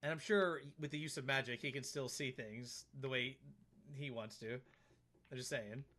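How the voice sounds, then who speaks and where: A man's voice: medium pitch, normal speed, pushed and bright. A man streaming a game live, chatting casually and teasing an on-screen character.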